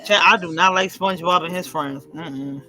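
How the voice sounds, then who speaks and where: Hosting a livestream, a woman with a lowish voice chats casually at a normal speed. She tells stories with lots of energy, emphatic and full of profanity.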